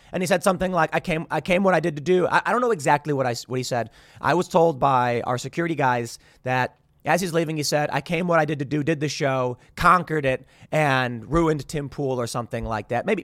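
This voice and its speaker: A man's voice: fairly high pitch, fairly bright tone, no room sound, clean studio sound. A man hosting his own show, rambling through a casual commentary monologue. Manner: rambling, mimics others in quotes. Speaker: show host.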